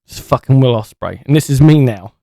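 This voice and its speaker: A man's voice: medium pitch, lively intonation, fairly quick, gravelly, warm tone, dry recording, studio quality. A man putting on a British accent as a brash young wrestling fan who swears and calls everyone mate. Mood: defiant. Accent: put-on British.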